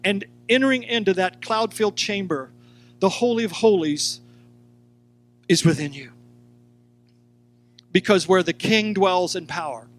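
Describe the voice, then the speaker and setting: A man teaching a sermon, animated, acting out quoted lines and speaking straight to his listeners. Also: high voice, measured pace, long pauses, faint music behind. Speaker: Bible teacher.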